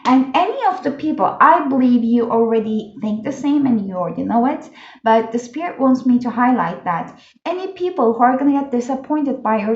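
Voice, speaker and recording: A woman with a fairly high voice gives a casual pick-a-card tarot reading, chatty and enthusiastic. Her talk is full of fillers. The lo-fi recording sounds dull and echoes around the room.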